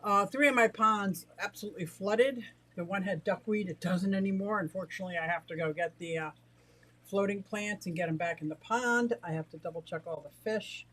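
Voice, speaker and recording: A middle-aged woman from the United States, out of breath and excitable, chatting casually on a livestream about her fish and greeting viewers. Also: fairly low pitch, low-quality recording. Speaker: aquarium and exotic pet livestreamer.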